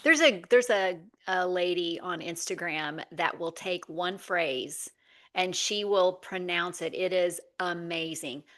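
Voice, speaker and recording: A woman's voice: on the low side, slow pace, fairly bright tone. A woman hosting an interview, asking questions and responding with enthusiasm and affirmation. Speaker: podcast host, interviewer.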